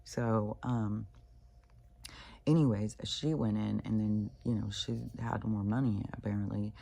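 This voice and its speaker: Rambling casual rant, profane, mellow dark tone, fry in the voice. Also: medium pitch, steady tone, measured pace. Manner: profane, ranting, frequent throat clearing. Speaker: spiritual vlogger.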